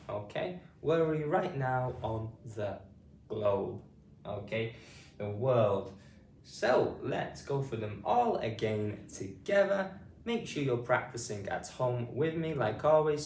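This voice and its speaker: A man with a British accent teaching a phonics lesson, saying each sound slowly and spelling it out letter by letter. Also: medium pitch, darkish tone. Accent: British English. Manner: slow, deliberate, repeats sounds and spells them out. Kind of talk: slow classroom phonics lesson. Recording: roomy sound from a distant mic, faint hiss.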